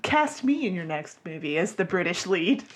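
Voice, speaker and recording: A woman's voice: on the low side, very animated, normal speed, a little hiss or hum. A woman from North Carolina co-hosting a casual chat show. She jokes around and laughs often. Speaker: co-host.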